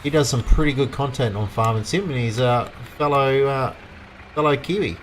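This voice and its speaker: A man's voice: mid-range voice, normal speed, a little hiss or hum. An Australian man giving casual, rambling commentary while livestreaming a farming game and chatting with his viewers. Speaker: livestream gamer. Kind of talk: casual live gameplay commentary.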